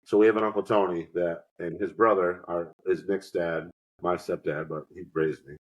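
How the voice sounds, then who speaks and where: A man with a fairly low voice chats casually on a podcast, spinning loose, rambling anecdotes. He drops into quick impressions of the people in his stories, then falls back into an easy, offhand tone. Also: fairly even intonation, dull audio. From New York. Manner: rambling storyteller, acts out quotes. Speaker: podcast co-host. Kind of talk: casual chat.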